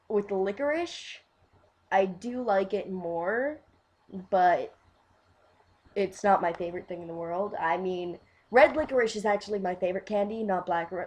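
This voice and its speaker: A young woman hosts a casual fan vlog in an easy, mid-pitched voice. She talks at a slow, drawn-out pace. Her thoughts wander, and she trails off and starts again with little giggles. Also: a little mellow. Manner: rambling, giggly, trails off and restarts. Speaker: fan video host.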